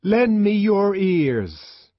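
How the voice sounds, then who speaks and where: A man reading an audiobook, voicing an earnest young male outsider who pleads in a loud, ringing voice. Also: high voice, sing-song, drawn-out words, no echo, pitched above the performer's own voice, full character voice. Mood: pleading. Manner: pleading, impassioned. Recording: dull lo-fi audiobook recording.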